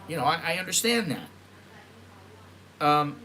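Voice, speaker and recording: This middle-aged American man vlogs in a casual, wandering monologue, often correcting himself and acting out people's words. He sounds fairly high, expressive and a bit bright, at a moderate pace.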